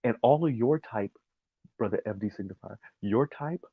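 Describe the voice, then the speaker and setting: A man's voice: fairly low pitch, lively intonation, normal speed, husky, dry recording, phone-quality sound. A man giving an emphatic, sarcastic opinion commentary, often laughing at his own points.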